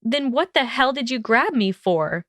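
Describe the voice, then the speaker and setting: A woman voicing a sharp-tongued, indignant young witch in a fan audiobook reading, snapping exasperated retorts. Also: a little high, animated, a little slow, dry recording, studio quality, voice pushed up.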